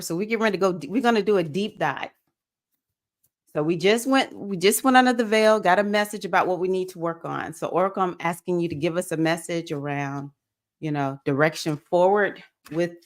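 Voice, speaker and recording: Chatting with her viewers, a woman in her 50s leads a spiritual livestream circle and every so often lets out sudden high whoops.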